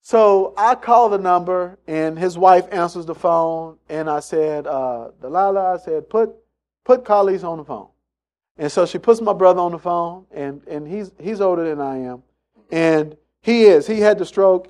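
A man's voice: high voice, animated, moderate pace, a little mellow. A man preaching a sermon, emphatic and repetitive, acting out the voices of people in his stories. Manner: emphatic, repeats phrases, acts out quotes in story.

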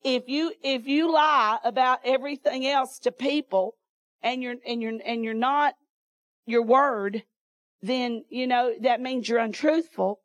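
A woman preacher tells a story from the pulpit in a folksy way, often breaking into laughter. Her voice sits fairly high for a woman. The recording is close and dry, with no room echo. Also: measured pace. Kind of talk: sermon testimony.

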